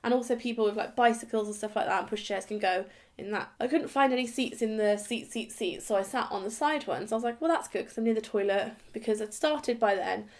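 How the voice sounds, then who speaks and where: English girl telling a story to her camera, a bit high voice, lively, does little voices for people. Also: a little fast. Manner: chatty, animated, acts out quoted voices. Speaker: vlogger. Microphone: camera a few steps away.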